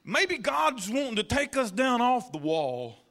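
A preacher man with a high, bright voice that swings widely as he tells his folksy church stories. He stumbles over repeated words, then builds up to fervent peaks. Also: very animated, a little slow, a faint crowd, slight background noise. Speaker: pastor. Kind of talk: sermon with personal anecdotes.

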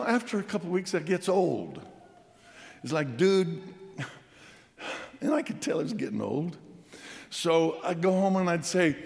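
A man preaching a sermon, telling a childhood story in a folksy, halting way and going quiet at the tender parts. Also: medium pitch, vocal fry, big-room sound. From Colorado, USA. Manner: folksy, halting storyteller who drops to a hush at emotional points.

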